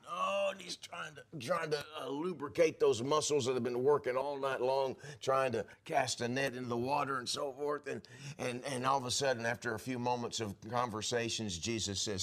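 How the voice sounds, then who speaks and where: A man's voice: mid-range voice, moderate pace, fairly bright tone. A man preaching a sermon as a pastor, telling the story in vivid scenes and acting out the voices of the people in it. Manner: drops to a whisper for asides.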